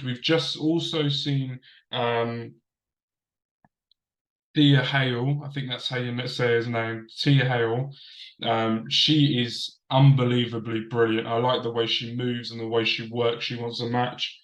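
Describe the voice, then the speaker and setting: A man's voice: mid-range voice, roomy sound, poor audio. A man hosting a casual wrestling review show, chatting straight to camera from a desk and repeating himself for emphasis. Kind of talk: casual commentary. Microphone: desk camera setup.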